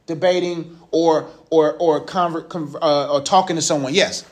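A man's voice: fairly high pitch, steady tone, normal speed. A man in his thirties giving a casual, joking Bible lesson to a youth group. He uses slang and asks the group questions.

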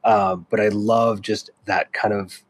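Lively man chatting about a show. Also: fairly low pitch, a little slow, no echo. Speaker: podcast co-host. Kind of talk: casual fan chat.

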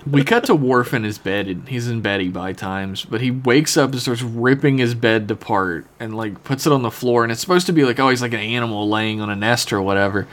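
A man's voice: medium pitch, fairly quick, hardly any pauses. A young man co-hosting a casual comedic podcast, retelling an episode in a rambling, profane way. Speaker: podcast co-host. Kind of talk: casual comedic recap chat.

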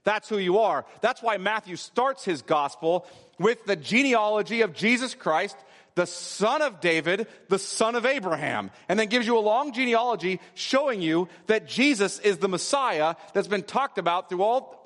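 A man's voice: high voice, lively intonation, moderate pace, fairly bright tone. A man preaching a sermon, explaining scripture with emphatic repetition. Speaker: pastor. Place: church sanctuary. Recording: long hall reverb.

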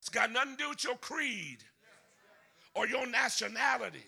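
A man with a Southern US accent, a pastor preaching a fiery sermon in a shouting, sing-song style with call-outs to the congregation. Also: very high voice, big pitch swings, moderate pace, creaky, slightly rough. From deep South of the US.

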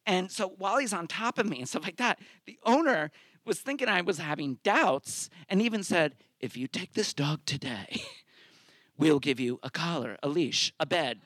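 A middle-aged man telling a personal story live on a theater stage, animated and acting out his own thoughts in quotes. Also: fairly high pitch, no room sound, studio quality.

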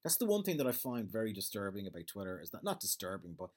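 A man's voice: on the low side, big pitch swings, quick pace. An Irish man with a rambling, sweary, off-the-cuff manner, chatting casually on his own as a podcast host. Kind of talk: casual solo chat.

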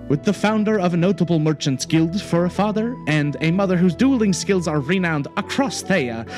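A man's voice: fairly high pitch, natural voice. A man voicing an earnest male keeper of runes and lore, introducing himself politely. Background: music.

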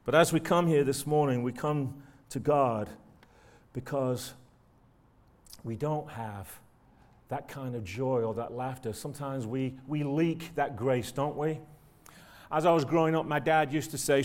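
Conversational preacher with tag questions. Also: male voice, medium pitch, unhurried, a little mellow. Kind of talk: sermon. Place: church.

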